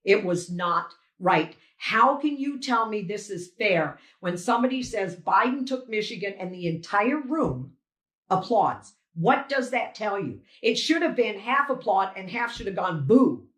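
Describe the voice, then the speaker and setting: Older woman, poll challenger testimony, animated and emotional, roomy echo on the voice. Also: medium pitch, measured pace. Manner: animated storytelling, acts out exchanges.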